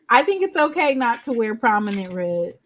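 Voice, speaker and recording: Woman, podcast host, casual live chat, bright, high-ish voice, exclaiming. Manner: animated, exclaiming, joking with viewers.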